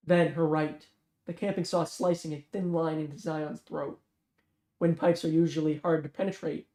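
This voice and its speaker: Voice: mid-range voice, reverberant. A reader narrating a thriller novel aloud in a casual way, often stopping to correct and restart phrases. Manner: steady narration with frequent self-corrections and restarts.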